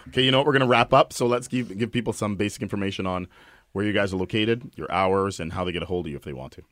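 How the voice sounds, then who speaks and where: A man hosts a radio show and brings it to a close. He speaks quickly in a brisk, upbeat way. His voice sits a little low and sounds dry and close to the microphone. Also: fairly bright tone, no room sound. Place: radio studio. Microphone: studio microphone.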